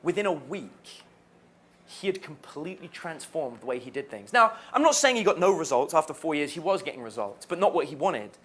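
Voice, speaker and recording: Animated male dating coach telling stories. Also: a little high, a little fast, breathy edge. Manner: animated, laughs while telling anecdotes. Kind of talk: storytelling to camera.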